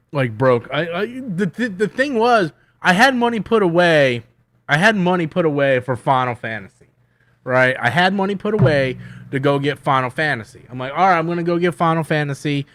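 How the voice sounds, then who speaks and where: A man hosting a casual livestream, rambling loosely with lots of swearing and self-mockery, swinging between loud bursts and mumbled asides. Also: medium pitch. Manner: loose, profane, self-mocking, riffs and hums to himself. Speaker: YouTube host answering viewer questions.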